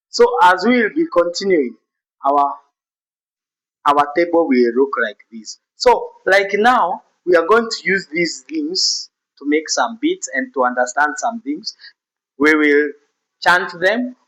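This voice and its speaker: A man teaching a beginners' music class at an unhurried, patient pace. His voice sits a little high and sounds bright and forceful. He breaks the material into small steps and chants rhythm syllables aloud to show how each beat is played. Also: poor audio. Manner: slow, explaining step by step and chanting rhythm syllables.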